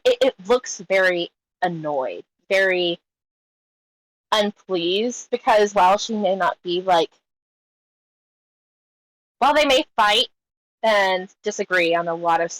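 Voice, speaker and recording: A woman's voice: fairly low pitch, dry recording, rough recording. A woman playing a tabletop game, describing her character in a rambling way with many fillers. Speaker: player.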